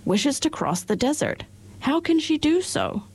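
A woman's voice: high voice, big pitch swings, unhurried, darkish tone, voice pushed up. A woman voicing a cheerful male scarecrow who rules a city, speaking in a musing, contented way in a storybook reading. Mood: thoughtful. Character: cheerful male scarecrow ruler, straw-stuffed.

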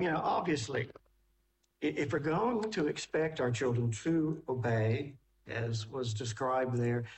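Roomy, slightly high-voiced man commenting. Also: distant mic. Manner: conversational, thinks aloud with restarts. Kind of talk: reflective commentary.

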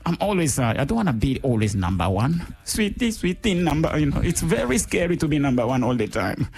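A man's voice: fast talker, gravelly, husky. A man hosting a live radio show in a studio, teasing and joking with his co-host and laughing often. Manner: playful, teasing, laughs often, lively jumps in pitch. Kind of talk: casual live radio chat.

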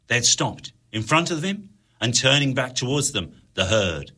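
A man reading an adventure audiobook with a lively, swinging delivery. His low voice is bright and husky, pressing dramatic moments. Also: moderate pace. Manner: expressive, dramatic storytelling. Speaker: narrator. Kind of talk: audiobook narration.

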